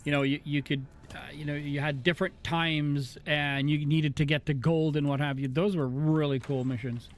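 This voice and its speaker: A man's voice: fairly high pitch, flat delivery, normal speed, hardly any pauses. A man streaming a game, talking casually and rambling with fillers, and thanking followers eagerly. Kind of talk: casual live-stream commentary.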